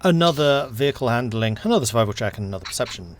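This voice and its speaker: A man running a tabletop game as game master over an online voice call, narrating in an unhurried way with lots of fillers. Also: medium pitch, animated, noisy background.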